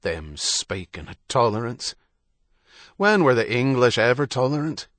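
A man voicing an aging village priest in an audiobook, speaking in a hushed, sighing way that flares into bitterness. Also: mid-range voice, sing-song, unhurried, dry recording, studio quality, voice pushed up. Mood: bitter. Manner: mournful, hushed and sighing, flaring into bitter outbursts. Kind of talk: audiobook character reading.

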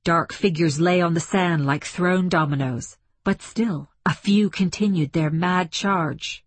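A woman reading a story aloud as scripted narration, measured and dramatic. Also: fairly low pitch, no echo. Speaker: audiobook narrator.

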